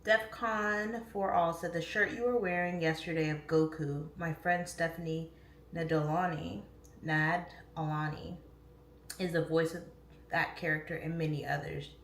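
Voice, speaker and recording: A woman's voice: deep voice, steady tone, measured pace. A woman in her thirties hosting a casual morning livestream, rambling chattily with lots of "like" and "um" and greeting viewers in the chat. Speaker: livestream host. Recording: roomy, distant mic, faint room noise.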